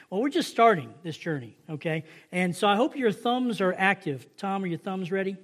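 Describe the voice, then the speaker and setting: A man with a Southern accent preaching a sermon, reading scripture slowly and with emphasis, then talking casually with his congregation. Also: high-pitched, lively intonation, a bit bright.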